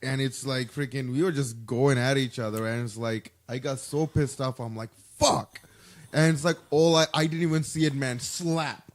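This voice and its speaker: A man's voice: medium pitch, steady tone, moderate pace, few pauses. A man co-hosting a podcast, telling stories in a laid-back casual chat with frequent swearing. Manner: laid-back, profane storytelling. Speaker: podcast co-host.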